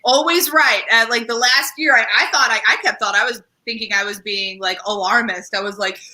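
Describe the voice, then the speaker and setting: Young woman comedian, very bright tone, fairly high voice, rambling self-deprecating stand-up. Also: a little fast, low-quality recording. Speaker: stand-up comedian and show host.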